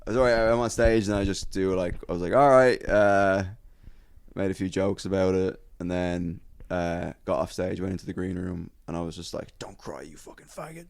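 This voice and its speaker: Low gravelly man telling stories. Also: normal speed, no echo. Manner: animated storytelling, acts out crowd voices, swears freely. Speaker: comedian telling a stand-up story. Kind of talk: casual podcast chat.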